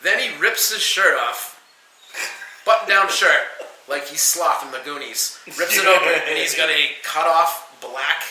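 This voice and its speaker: A man telling a loud, profane bartending story on a podcast, acting out each quote. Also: a little high, measured pace, roomy sound, low-quality recording. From New England. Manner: animated, profane, acts out quotes. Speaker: podcast guest. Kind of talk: casual storytelling.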